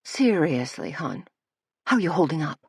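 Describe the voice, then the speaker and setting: A woman's voice: low voice, sing-song, unhurried, slightly rough, dry recording, clean studio sound, exaggerated voice. Cooing, giddy male hairstylist, voiced by a woman.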